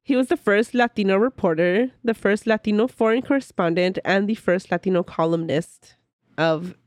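A woman's voice: medium pitch, normal speed, a little mellow, no room sound, studio quality. A woman co-hosting a history podcast, telling the story casually from her notes, a little sick and laughing now and then. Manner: chatty, laughs often, reads from notes. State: sounds sick. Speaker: podcast co-host.

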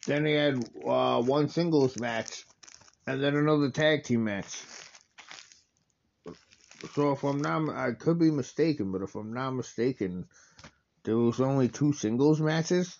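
Man, gravelly voice, rambling watch-along commentary, enthusiastic, dull lo-fi recording. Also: mid-range voice, measured pace, long pauses, a little mellow, a little hiss or hum. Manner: rambling, enthusiastic, full of fillers and restarts.

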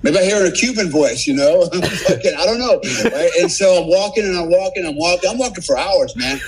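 A man in his sixties, a military veteran guest on a podcast, telling war stories in a casual, animated way and swearing freely. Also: high voice, brisk, over a noisy crowd, low-quality recording. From United States. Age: 60s. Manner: profane, animated war-story teller. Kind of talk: casual storytelling.

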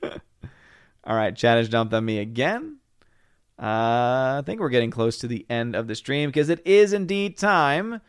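A young man hosting a livestream, reading viewer comments aloud and answering them with laughs and quick retorts. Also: fairly high pitch, clean tone, no echo, studio quality. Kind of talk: casual livestream chat.

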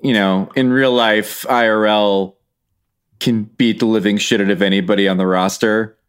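A man's voice: lowish voice, fairly even intonation, moderate pace, clear, resonant tone. A man who is a podcast guest, chatting casually and joking wryly.

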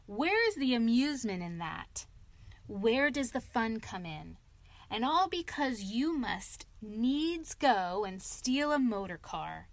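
Storybook: woman reading a sensible, lecturing rat friend, slow and dry. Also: on the high side, animated, fairly bright tone, dry recording. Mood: scolding. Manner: earnest, lecturing. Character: sensible scolding male water rat.

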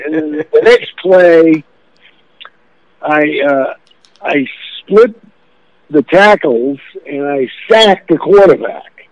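A middle-aged man, an actor guest, telling animated stories in casual talk and laughing often. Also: on the high side, takes it slowly, long pauses, no room sound. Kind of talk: casual storytelling. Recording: dull lo-fi phone line.

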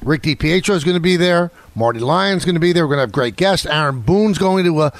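A man's voice: on the high side, animated, quick pace, no room sound. Combative man hosting a radio show. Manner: combative, indignant. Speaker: radio sports talk host. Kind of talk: casual radio banter. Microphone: studio microphone.

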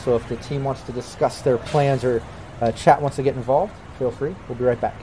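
A man's voice: medium pitch, fairly quick, a little hiss or hum, rough recording. Easygoing male game master. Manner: relaxed and chatty, with many fillers. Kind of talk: narrating a tabletop game.

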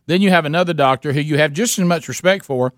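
Male radio host, playful banter, lightly raised pitch. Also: fast, no room sound, studio quality. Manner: playful, teasing, laughs often. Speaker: radio talk show host. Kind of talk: casual call-in radio banter.

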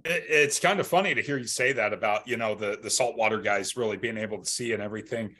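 Young male host, low voice; loose, joking conversational delivery. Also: fast talker, bright, forceful tone. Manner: easygoing, joking, loose phrasing. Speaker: podcast host. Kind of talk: casual chat.

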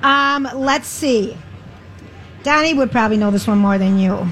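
A woman's voice: on the high side, a little slow, fairly bright tone. A woman co-hosting a casual chat show, playful and self-mocking as she runs a game. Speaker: co-host.

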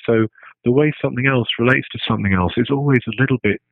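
A man's voice: medium pitch, fast talker, gravelly, dry recording. A man in casual, hesitant talk who restarts his phrases and keeps checking in with "right?". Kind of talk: casual spoken musing. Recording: tinny phone-like line, dry.

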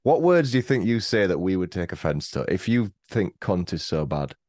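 A man's voice: low voice, big pitch swings, moderate pace, darkish tone, no room sound, studio quality. A British man in his thirties, a podcast guest, bantering crudely and teasing in casual chat. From England. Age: 30s.

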